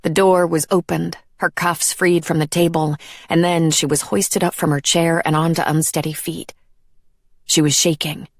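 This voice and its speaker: A woman narrating a dark fantasy audiobook in a measured, even storytelling manner. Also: low-pitched, dry recording, studio quality. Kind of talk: scripted narration.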